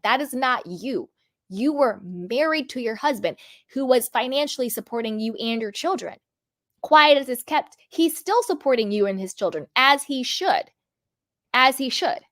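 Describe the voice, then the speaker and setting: A woman hosting a reality TV commentary vlog, sassy and animated as she scolds. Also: high-pitched, dry recording, studio quality. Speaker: commentary host.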